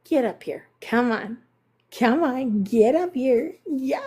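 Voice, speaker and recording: A woman hosts a casual live stream, chatting along in a lively, chatty way. Her voice sits fairly high and swings widely in pitch. She often slips into a sing-song baby voice for her dogs. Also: slow, breathy edge. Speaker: livestream host.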